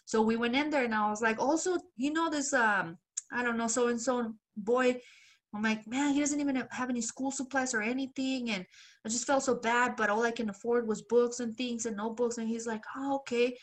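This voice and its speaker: A woman co-hosting a podcast tells a long story in casual chat, her voice on the high side, steady, and fairly quick. She acts out the quoted voices, laughs often, and swears loosely with plenty of filler.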